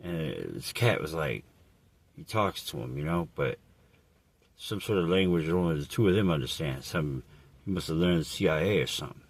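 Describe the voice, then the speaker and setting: A man telling a rambling, crude comedic story in a deadpan, profane way. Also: extremely low pitch, normal speed. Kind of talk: absurd improvised comedic monologue.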